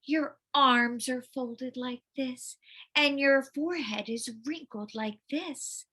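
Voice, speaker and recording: A woman voicing a gentle butterfly teacher in a storybook, speaking softly, slowly and soothingly. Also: high-pitched, full character voice. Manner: soft, slow, soothing.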